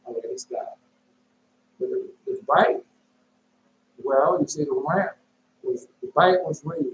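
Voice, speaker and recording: A man preaching in an informal, emphatic way, repeating his phrases and breaking into sudden high shouts. His voice sits a little high for a man. The recording is roomy and echoey, with a faint hiss underneath. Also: huge pitch swings, unhurried, dull audio. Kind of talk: informal sermon and dream telling. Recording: echoey room with faint noise.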